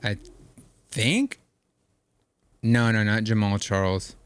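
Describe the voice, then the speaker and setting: A young man co-hosting a podcast, chatting casually and telling animated stories full of slang. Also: on the low side, slow pace, clean tone, no echo. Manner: animated storytelling, slangy, quotes others in put-on voices. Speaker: podcast co-host. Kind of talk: casual chat.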